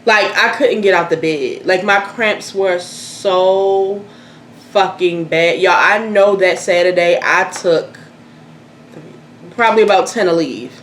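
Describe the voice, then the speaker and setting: A young woman telling a personal story in casual chat, candid and animated, swearing freely. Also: fairly low pitch, takes it slowly. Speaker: host. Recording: echoey room, faint noise.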